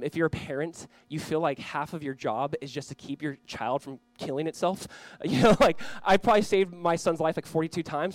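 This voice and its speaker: A Southern California pastor, earnest and male, preaches in a chatty, storytelling manner with a voice a bit high for a man. He swings from loud reading to quiet prayer and drops self-deprecating asides. The recording is dry and close, with no room sound at all.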